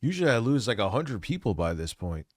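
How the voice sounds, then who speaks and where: A man in his forties rants crudely, swearing at every turn while sounding stressed and worn out. His voice sits at an ordinary pitch. The sound is close and dry. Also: big pitch swings, fairly quick, no echo. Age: 40s. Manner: crude, blunt, swears constantly. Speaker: livestreamer reacting to a video. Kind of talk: profane late-night stream rant.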